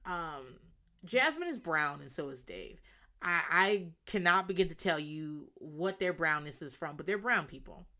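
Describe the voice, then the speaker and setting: A woman hosting a podcast, telling a reality show recap in a casual, animated way, acting out quotes and swearing freely. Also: low voice, measured pace. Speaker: podcast host.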